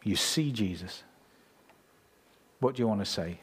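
Male preacher, husky voice, casual sermon, talks to the congregation. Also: on the low side, lively intonation, measured pace. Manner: conversational preaching, reads scripture, asks listeners.

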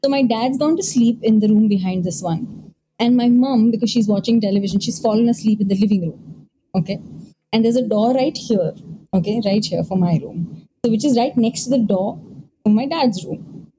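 An animated woman tells a spooky tale in a casual, chatty way. Her voice sits a little high, and she keeps checking that her listeners are following. A steady hum of background noise runs under the recording. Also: normal speed. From India. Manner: animated, acts out quoted voices, frequent "okay?" check-ins. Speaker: storyteller host. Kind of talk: casual ghost story telling. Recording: noisy background ambience.

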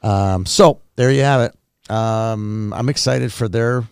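A man's voice: lowish voice, slow pace, gravelly, a little mellow, clean tone, no room sound, clean studio sound. A man hosting a podcast in casual chat, teasing his co-host and working in sponsor plugs conversationally.

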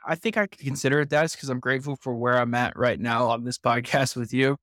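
Young man telling his story, smooth voice. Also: medium pitch, quick pace, a bit bright, dry recording, studio quality. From Indiana. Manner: earnest, reflective, frequent "like" and restarts. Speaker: podcast guest. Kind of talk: personal storytelling in a podcast interview.

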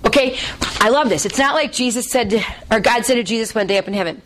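Lively woman teaching Bible study. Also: a little high, quick pace, slight background noise. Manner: lively, checks in with "okay?" and asks the class to fill in answers.

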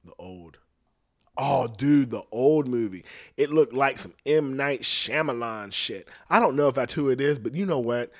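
Speaking at a normal speed, a podcast host rambles through a casual comedy bit packed with swearing. He's lively, his voice jumping between loud and quiet and high and low, and he repeatedly asks listeners "you know what I'm saying."

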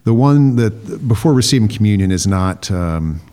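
A man co-hosting a podcast, explaining church practice in a measured, chatty way with fillers. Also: fairly low pitch, lively intonation, dark tone, smooth. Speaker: podcast co-host. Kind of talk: casual chat.

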